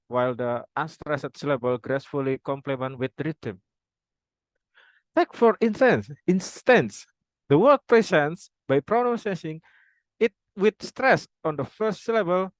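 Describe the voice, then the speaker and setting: A man's voice: fairly high pitch, dry recording, rough recording. Young man reading a formal script. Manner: reads a formal script aloud with halting restarts. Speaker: student presenter. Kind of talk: reading a prepared phonology presentation.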